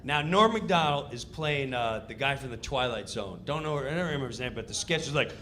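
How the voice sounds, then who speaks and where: A man telling a comedic story, acting out voices and countdowns in an animated way. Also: mid-range voice, a little fast, hardly any pauses.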